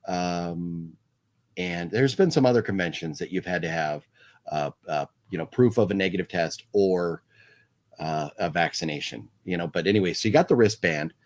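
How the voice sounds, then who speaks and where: Reading viewers' comments out loud, a low-pitched man hosts a live stream about movie news at normal speed. His talk is casual and meandering, full of fillers and false starts.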